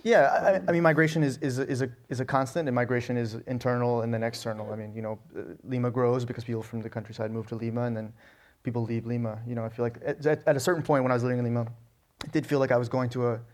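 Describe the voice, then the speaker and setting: A middle-aged man from Alabama talks quickly in a fairly level tone. He tells stories in an interview and keeps stumbling into restarts and "you know"s. He sounds like a guest chatting easily. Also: medium pitch. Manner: animated storyteller with frequent restarts and "you know". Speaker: guest, novelist. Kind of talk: conversational interview answers.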